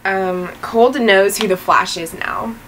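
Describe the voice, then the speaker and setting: A woman co-hosting a casual TV episode review, chatty and giggly, with animated retellings of scenes. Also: medium pitch, slow, background noise. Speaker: podcast co-host.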